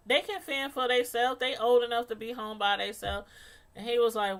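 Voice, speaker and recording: A middle-aged woman vlogger telling a story in a casual, animated way, laughing often and using many fillers. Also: on the high side, moderate pace, faint music behind.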